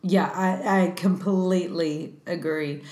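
Chatty woman, lower voice, echoey room. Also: slow pace. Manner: animated, chatty, lots of 'like'. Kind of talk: faith discussion.

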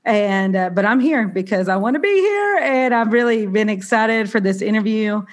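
A woman with a Southern US accent hosts a casual podcast chat in an expressive, mid-range voice at a moderate pace. Slightly nasal and congested, she's chatty and bubbly with a self-deprecating streak.

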